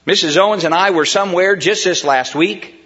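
A middle-aged man preaching a sermon to men, swinging between hushed and loud emphatic delivery and piling up repeated rhetorical questions. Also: high voice, a little fast. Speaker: pastor. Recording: dull lo-fi recording.

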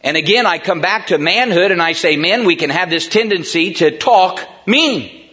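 Bright-voiced preacher man, dull recording. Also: sits high, expressive, moderate pace. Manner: swings from hushed to loud emphatic preaching; repetitive rhetorical questions. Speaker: pastor. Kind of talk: sermon.

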